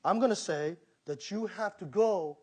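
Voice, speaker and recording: A middle-aged pastor delivers a lively sermon in a fairly high voice for a man. He talks straight to his listeners and acts out the voices he quotes. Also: normal speed, husky. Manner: animated preaching, acting out quoted voices.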